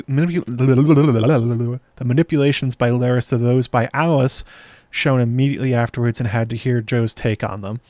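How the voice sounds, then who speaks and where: A man hosting a casual show breakdown, talking it through out loud with fillers and restarts as he reads comments from a live chat. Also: mid-range voice, no echo. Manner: chatty, thinking aloud with fillers and restarts. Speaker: show host.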